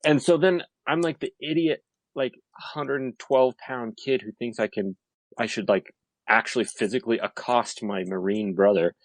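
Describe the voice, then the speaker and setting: A man's voice: on the low side, moderate pace, dry recording, rough recording. A man in his thirties in casual podcast chat, telling a story animatedly with lots of fillers. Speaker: podcast guest.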